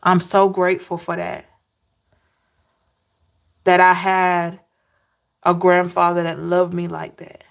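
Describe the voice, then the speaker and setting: A woman tarot reader sharing personal memories in a slow, emotional, heartfelt way, with soft hums between thoughts. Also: on the low side, completely flat delivery, creaky. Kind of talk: personal reflective talk.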